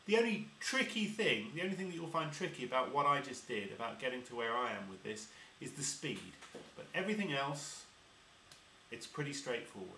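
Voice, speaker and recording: A man's voice: mid-range voice, very animated, brisk, sharp tone, far from the mic, a little hiss or hum. A man teaching harmonica step by step, patiently explaining and demonstrating each sound. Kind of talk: step-by-step instrument lesson. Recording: roomy echo.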